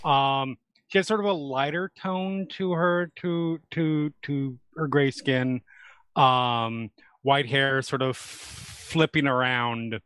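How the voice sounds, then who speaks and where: A man playing in a tabletop game, describing his character in a halting way, searching for words. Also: mid-range voice, fairly even intonation, a bit bright, clear, resonant tone, no echo. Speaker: player.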